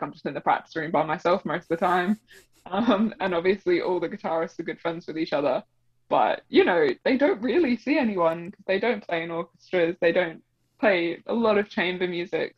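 A woman's voice: on the low side, breathy edge, no echo. Friendly young woman from Australia, muffled. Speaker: guest, music student. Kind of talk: casual chat.

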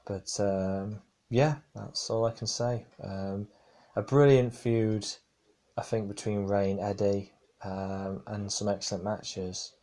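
Rambling man, low voice. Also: steady tone, takes it slowly, dark tone. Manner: rambling, hesitant, many fillers and restarts. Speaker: podcast host. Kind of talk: casual wrestling review podcast.

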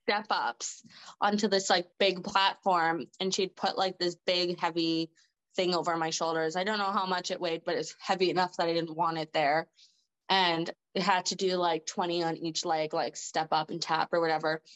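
A woman's voice: fairly low pitch, little pitch movement, normal speed, a bit bright, dull audio. A woman guest on a podcast telling stories casually, laughing often and filling her speech with "like". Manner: chatty, laughs often, heavy use of "like". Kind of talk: casual conversational storytelling.

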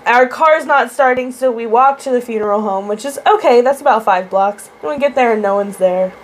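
A woman with a higher-than-usual voice chats casually as a podcast co-host. She tells stories with lots of laughter and blunt profanity, and a faint hiss of noise sits under her voice. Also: fairly quick, rough recording.

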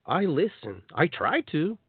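A man hosting a spiritual self-help radio show, talking in an animated way and acting out the voices he quotes. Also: fairly high pitch, measured pace, breathy edge, no echo. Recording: tinny phone-like dry line.

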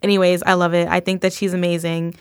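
A woman's voice: lowish voice, flat delivery, quick pace, smooth, dry recording, clean studio sound. A woman hosting her podcast, chatting casually in a bubbly, gushing way with frequent laughs. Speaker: podcast host. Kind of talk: casual interview chat.

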